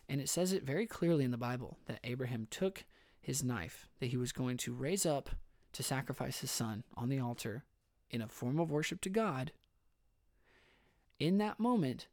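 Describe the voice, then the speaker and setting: A man's voice: mid-range voice, darkish tone, no room sound. Casual male podcast host, conversational storyteller with frequent laughs, dry close-mic sound. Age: adult father. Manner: chatty, laughs often, restarts sentences. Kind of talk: casual Bible story retelling. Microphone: studio microphone.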